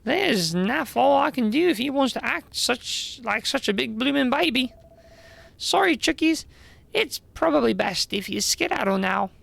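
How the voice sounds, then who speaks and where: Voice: lively intonation, measured pace, gravelly, no room sound, exaggerated voice. A streamer voicing a cheeky little fairy who chatters in heavy slang. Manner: chirpy, slang-heavy, high and bright.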